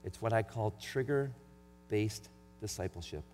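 A man's voice: on the low side, expressive, a little slow, darkish tone, soft background music. A middle-aged man preaching a sermon in an earnest, conversational way. He reads scripture with extra emphasis. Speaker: pastor. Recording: long hall reverb with faint mains hum.

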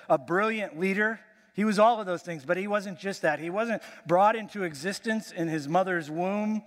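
A man preaching a sermon as pastor of his church, emphatic and building with dramatic pauses. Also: sits high. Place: church sanctuary. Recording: church hall reverb.

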